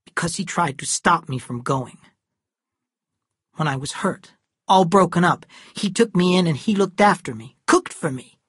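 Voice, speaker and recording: A woman's voice: fairly low pitch, expressive, normal speed, fairly bright tone, husky, dry recording, clean studio sound, pitched above the performer's own voice, exaggerated voice. A narrator voicing a cold, bitter middle-aged woman with aching hands, speaking curtly in an audiobook. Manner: curt, cutting. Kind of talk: audiobook character voice.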